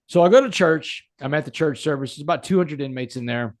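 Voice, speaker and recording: A man's voice: fairly high pitch, fast talker, dry recording, clean studio sound. A man, a podcast guest, telling a personal story in an earnest, emphatic way. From United States.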